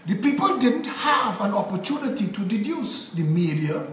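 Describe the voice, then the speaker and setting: A man's voice: high voice, big pitch swings, normal speed, reverberant, slight background noise, low-quality recording. Angry Trinidadian man ranting. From Trinidad and Tobago. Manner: angry, emphatic, repetitive rhetorical delivery. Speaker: political commentator. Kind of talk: impassioned political monologue.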